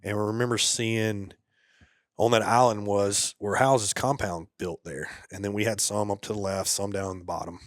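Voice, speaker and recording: A man, a former soldier guesting on a podcast, telling a war story in a casual, laid-back way. He drops to a quiet murmur at the grim parts. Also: lowish voice, steady tone, normal speed, no room sound, studio quality.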